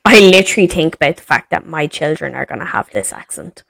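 A woman's voice: low-pitched, animated, quick pace, creaky, a bit bright, no echo. A woman in her thirties with an Irish accent, co-hosting a podcast and ranting in an exasperated, sweary way. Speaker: podcast co-host. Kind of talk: casual chat.

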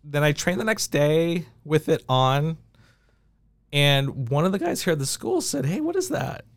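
A man who is a podcast guest, telling animated stories in a casual interview and often laughing. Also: on the high side, measured pace, no echo. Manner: animated anecdotes with frequent laughs.

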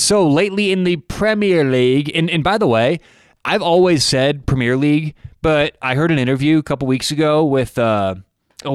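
An American man hosts a sports betting talk show, rambling with restarts and asides in casual talk that includes a read ad. His mid-range voice has a clean tone, captured dry with clean studio sound.

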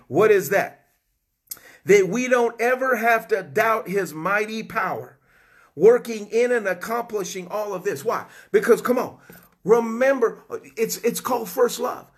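A man's voice: high voice, breathy edge. A man preaching a fervent live-streamed sermon, whooping and repeating his key phrases, greeting viewers by name. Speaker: online preacher.

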